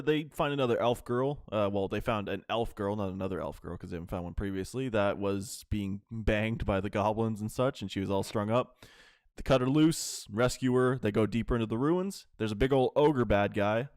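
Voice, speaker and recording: A man's voice: lowish voice, a little mellow, clear, resonant tone, dry recording, clean studio sound. A man hosting a casual anime podcast, rambling through episode recaps with lots of fillers and swearing. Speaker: podcast host.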